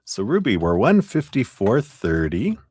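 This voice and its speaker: A very low-pitched man reads tarot live for his viewers, chatting loosely and laughing along the way. His voice is recorded dry and close, with no room sound around it. He rambles, filling pauses with "you know". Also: wildly swooping pitch, darkish tone, breathy edge, dry recording. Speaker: tarot reader hosting a live stream. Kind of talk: casual livestream chat and card reading.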